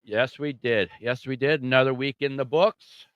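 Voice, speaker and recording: A man's voice: mid-range voice, normal speed, clean tone, no room sound, lo-fi sound. A man co-hosting a sports podcast in an easygoing, casual way, chiming in and laughing along.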